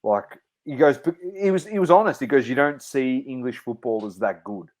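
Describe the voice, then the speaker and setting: Here a man of medium pitch talks at a normal speed with an expressive delivery. As a podcast co-host in casual conversation, he jokes around with his co-hosts, laughing and addressing them as mate.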